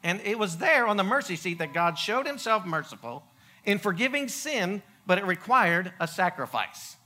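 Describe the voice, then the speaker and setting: A male preacher with a high, bright, very lively voice that swoops up and down as he tells stories. He jokes, acts out small scenes and often stammers into restarts before pressing on. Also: normal speed. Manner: animated, joking, with frequent stammered restarts. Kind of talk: humorous storytelling sermon.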